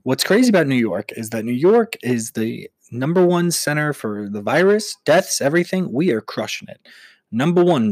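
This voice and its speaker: Guy from long island doing a sweary sarcastic podcast rant, mid-pitched voice, dry close sound. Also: no echo. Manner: profane, sarcastic, riffing. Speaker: podcast host. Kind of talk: comedic solo rant.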